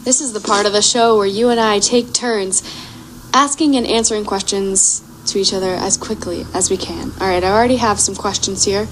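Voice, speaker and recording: A woman's voice: mid-range voice, steady tone, poor audio. Upbeat young woman hosting, faint hiss. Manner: upbeat, quick reactions, laughs easily. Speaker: radio show host. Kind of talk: casual interview chat.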